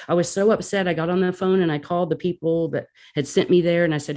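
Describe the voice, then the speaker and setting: Woman guest, casual storyteller, animated, plays out her reactions. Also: lowish voice, quick pace, few pauses.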